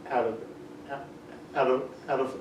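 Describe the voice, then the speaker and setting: A man's voice: mid-range voice, level tone, a little slow, muffled recording. A man, a podcast co-host in loose, profane casual chat. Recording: roomy, distant mic, audible noise.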